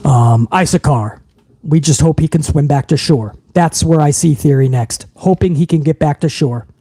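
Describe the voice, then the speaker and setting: Heated and profane, a high-voiced young man rants at normal speed on a live wrestling podcast stream, pausing his outbursts to read viewer messages aloud. His tone is warm and slightly rough, and the recording is very dry and close to a desk mic.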